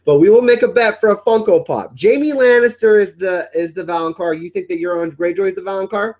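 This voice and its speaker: A man hosting a casual livestream chat, excitable and rambling, often repeating his words. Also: sits high, a little fast. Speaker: livestream host.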